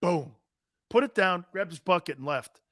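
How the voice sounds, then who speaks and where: A man's voice: high voice, moderate pace, no echo, clean studio sound. A man in his fifties hosting a sports talk show, telling boisterous, rambling anecdotes with emphatic restarts. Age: 50s. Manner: animated, emphatic storyteller.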